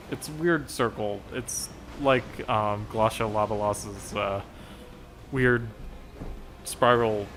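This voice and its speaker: A man at an everyday middle pitch talks through a raid fight in a game, step by step. He rambles, fills gaps with hesitations, and chuckles at his own mistakes. A faint hiss sits under his voice. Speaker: gameplay commentator. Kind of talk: explaining a raid strategy over gameplay footage.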